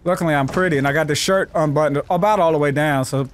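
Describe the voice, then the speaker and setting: A man from the riffs through a story game with loud, crude jokes, his voice fairly high and lively. He talks over the game in casual let's-play style. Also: quick pace, a little hiss or hum. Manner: loud, joking, profane. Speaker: gameplay commentator.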